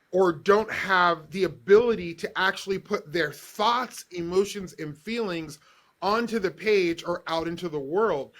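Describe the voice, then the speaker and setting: A man guesting on a podcast as an author and comedian, telling stories in an animated, playful way. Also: high-pitched. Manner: animated storyteller, playful and expressive. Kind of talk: casual podcast conversation.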